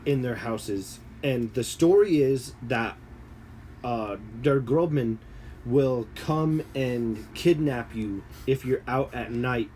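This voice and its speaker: A man of ordinary pitch chatting casually as a podcast co-host. He reads bits aloud from his screen and spins spooky stories with animated energy. A faint background noise sits under his voice. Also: takes it slowly. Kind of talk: casual chat.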